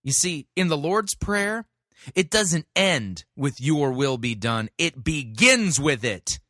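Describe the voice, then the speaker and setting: Man, sermon critic, animated pitch, bright tone, dry close sound. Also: slow, no echo. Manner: critical, corrective, quotes scripture. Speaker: sermon reviewer, host. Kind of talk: critical commentary and preaching.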